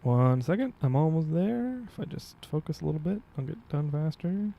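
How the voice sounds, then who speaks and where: A man streaming a video game from home, chatting casually and reading game text aloud with quick asides. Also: fairly high pitch, lively intonation, gravelly, mellow. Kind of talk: casual gameplay commentary.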